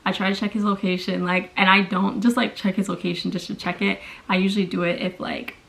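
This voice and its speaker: A woman's voice: medium pitch, level tone, quick pace, gravelly, a bit bright, rough recording. A young adult woman vlogger telling a long story in casual chat while doing her makeup at home, with lots of fillers.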